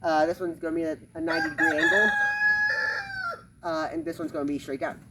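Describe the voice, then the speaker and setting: Lively-pitched man teaching karate outdoors. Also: vocal fry, heavy background noise. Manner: halting, many fillers, punctuates moves with "bam"; talks while performing moves. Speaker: karate instructor. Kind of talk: casual demonstration lesson. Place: backyard, outdoors. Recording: distant outdoor recording with clucking chickens.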